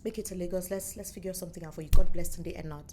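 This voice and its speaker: A young adult woman with a Nigerian accent, telling her story as an interview guest in lively, playful chat and acting out the voices of others. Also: lowish voice, very fast, a little hiss or hum. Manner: animated, playful storyteller who acts out quotes. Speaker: musician and former radio presenter, interview guest.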